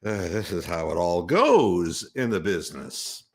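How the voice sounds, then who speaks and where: A man's voice: low voice, very animated, measured pace. A man hosting a sports talk radio show, ranting in a sarcastic, mocking way and swearing freely. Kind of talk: opinionated sports talk rant.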